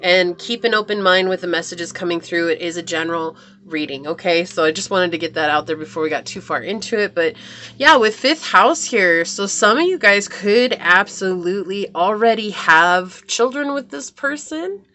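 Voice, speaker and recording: A woman's voice: on the low side, moderate pace, pushed and bright, slight background noise. A woman giving a pick-a-card tarot reading to her viewers in a chatty, upbeat way. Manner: chatty, upbeat, addresses viewers as you guys. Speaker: tarot reader.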